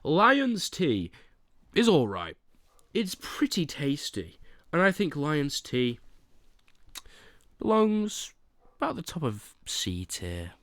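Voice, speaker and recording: A young man on a livestream chats with his viewers in an unhurried, stretched-out way. His fairly high voice bounces up and down as he rants in mock indignation and then stumbles through apologies. The sound is dry and close to a desk mic. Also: huge pitch swings, a bit bright, no room sound. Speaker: livestreamer ranking teas. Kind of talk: casual livestream chat.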